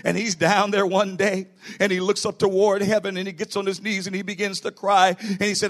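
A man's voice: high-pitched, fairly even intonation, brisk, a bit bright. A middle-aged man preaching a sermon in a church as pastor, building to emphatic bursts.

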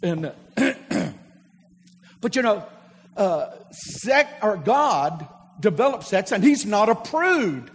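A man's voice: high-pitched, very animated, takes it slowly, a little hiss or hum. A man, a pastor, preaching a sermon to his congregation and calling on them to repeat after him. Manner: preaching with call-and-response to a congregation. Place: church sanctuary. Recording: long hall reverb of a church.

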